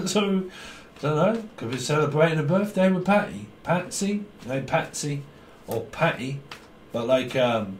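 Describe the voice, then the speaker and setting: A man's voice: on the high side, expressive, measured pace, echoey room, slight background noise. Giggly rambling man. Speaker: tarot reader. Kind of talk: rambling tarot reading.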